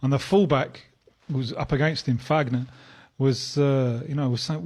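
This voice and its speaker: A man speaking as a football pundit on a radio panel, halting and repeating words as he builds his point. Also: mid-range voice, darkish tone.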